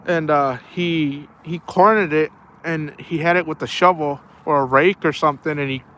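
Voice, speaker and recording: A man's voice: a little high, fairly even intonation, normal speed, a bit bright, slight background noise. Rambling outdoorsman telling stories aloud. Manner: rambling, storytelling, says man and bro a lot. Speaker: outdoors streamer. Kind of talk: casual live-stream chat. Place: outdoors at night near water.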